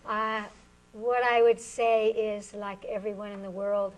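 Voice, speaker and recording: A woman speaking as a guest on a panel, sharing her spiritual views in a warm, slightly flustered way. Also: mid-range voice, little pitch movement, a little slow, rough recording. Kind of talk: casual panel talk.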